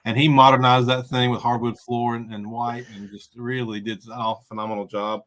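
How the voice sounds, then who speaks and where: A man's voice: mid-range voice, level tone, moderate pace, a bit bright, a little hiss or hum. A middle-aged man from Alabama with a Southern US accent, co-hosting a casual chat show, effusive and repetitive as he thanks people. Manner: effusive, repeats himself, gives thanks. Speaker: co-host.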